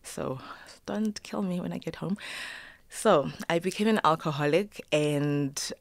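A middle-aged woman, a choreographer and yoga teacher appearing as a guest, tells a personal story with feeling. She acts out the voices she quotes and slips in Zulu phrases, speaking a little slowly in a fairly low, gravelly voice with no echo.

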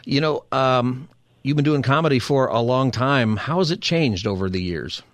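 A man's voice: medium pitch, normal speed, a bit bright, no room sound, studio quality. A man hosting a radio talk show and interviewing his guest with short, attentive affirmations. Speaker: radio show host and pastor.

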